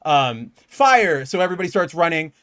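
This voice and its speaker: A man's voice: fairly high pitch, very animated, moderate pace, a bit bright. A young man co-hosting a casual comic book podcast, talking animatedly and acting out quoted lines. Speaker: podcast co-host.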